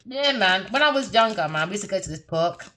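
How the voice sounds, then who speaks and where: A woman's voice: expressive, fairly quick, slight background noise. Brash, mocking woman reading tarot. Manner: brash, profane, laughs often, mocking; swings between low muttering and loud high bursts. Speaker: tarot reader.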